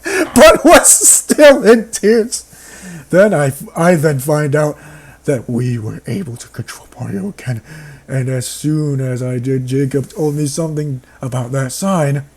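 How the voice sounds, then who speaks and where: A man's voice: mid-range voice, moderate pace, warm tone. A man reading a horror story aloud and mocking it with sarcastic remarks and bursts of laughter. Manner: sarcastic, breaks into laughter and outbursts. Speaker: reader and commentator.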